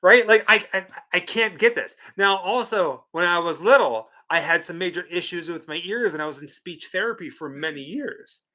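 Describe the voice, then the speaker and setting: A man co-hosting a casual livestream chat, talking in an animated, incredulous and teasing way. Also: high voice, moderate pace, hardly any pauses. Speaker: co-host.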